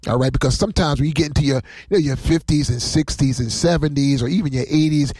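A male pastor preaching to viewers on a livestream, talking in a slightly high voice. He rambles from story to story with heartfelt, excitable energy. The sound is close and dry, with no room around it. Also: fast, dry recording. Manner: rambling, emotional, excitable, laughs often.

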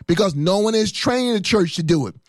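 A man's voice: high voice, lively intonation, fairly quick, no echo, studio quality. A man in his fifties, a pastor, preaching with fiery emphasis and rhythmic repetition. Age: 50s. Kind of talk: sermon.

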